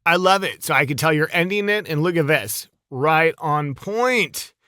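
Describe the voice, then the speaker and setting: An upbeat man reviews a voiceover demo in a casual, talkative way, tossing out quick praise. His voice is bright and fairly high. It sounds dry and close, with no room echo. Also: animated, faint music behind. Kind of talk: casual video critique.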